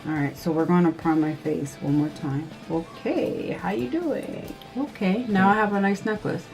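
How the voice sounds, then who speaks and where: A woman's voice: lowish voice, normal speed, vocal fry, faint music behind. Jittery, squealing young-sounding woman vlogger. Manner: nervous, excitable, squealing and gasping. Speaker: beauty vlogger. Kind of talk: casual makeup tutorial chat.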